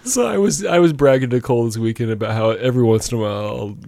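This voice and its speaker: Man, 30s, podcast host, casual rambling talk, gravelly voice, dry room. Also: medium pitch, quick pace, dark tone, no echo. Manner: rambling, chatty, with filler words. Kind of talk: casual chat.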